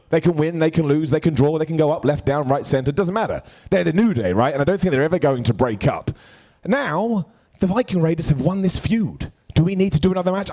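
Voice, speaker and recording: Man, wrestling show host, live, bantering, gravelly fry, fairly high voice. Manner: jokey, animated, bantering with hecklers. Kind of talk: live comedic wrestling review.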